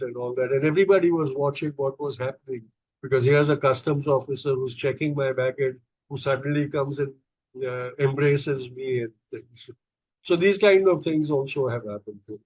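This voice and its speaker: A man's voice: mid-range voice, moderate pace, a little mellow, dry recording, highs cut off. A middle-aged man, a podcast guest telling personal stories in a hesitant, conversational way full of fillers and restarts. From India. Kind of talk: conversational storytelling.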